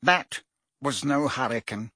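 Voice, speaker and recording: A man voicing a flustered, defensive male wizard minister who talks rapidly and heatedly, his voice climbing when pressed. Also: sits high, big pitch swings, sharp tone, slightly rough, no room sound, studio quality, voice pushed up, heavily acted. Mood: miserable.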